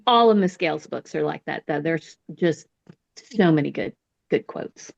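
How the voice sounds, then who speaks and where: A woman's voice: deep voice, expressive, normal speed, creaky. An American woman chatting enthusiastically on a book podcast, often restarting her sentences. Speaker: podcast co-host, book fan. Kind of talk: casual book-club chat. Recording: lo-fi, dull sound.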